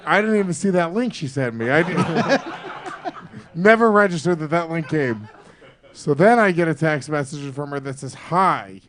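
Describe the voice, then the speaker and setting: A man's voice: a little high, moderate pace, a bit bright. A man hosting a podcast, telling a story while he keeps breaking into laughter. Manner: laughs through his story, giggly. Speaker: podcast host. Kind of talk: casual chat.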